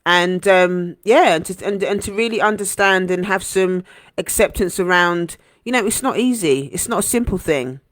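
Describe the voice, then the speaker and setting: A woman hosting a heartfelt motivational live stream as a coach, earnest and gentle, repeating phrases for emphasis. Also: lowish voice, normal speed, dry recording, studio quality. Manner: gentle, encouraging.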